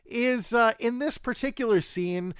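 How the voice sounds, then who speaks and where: A man's voice: extremely high pitch, a little slow, a bit bright, smooth, dry recording, studio quality. A man co-hosting a casual podcast, retelling an episode at length in an opinionated, critical way. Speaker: podcast co-host.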